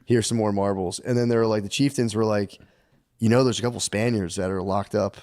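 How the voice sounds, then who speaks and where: Brisk and steady, his fairly low, slightly mellow voice carries a comic, foul-mouthed history story on a podcast he co-hosts. He wanders off on tangents and plays out the characters, laughing as he goes.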